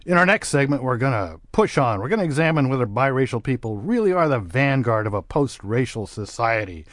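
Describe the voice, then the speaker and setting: A man co-hosts a radio talk show. His voice swings widely in pitch as he muses playfully, recorded close and dry in a studio. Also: sing-song, a little fast, dry recording. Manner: playful, musing.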